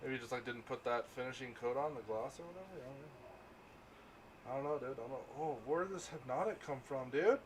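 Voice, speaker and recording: A man's voice: medium pitch, fast talker. A man chatting casually with friends on an outdoor patio, rambling and swearing often. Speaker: host. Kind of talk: casual chat. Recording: noisy outdoor ambience.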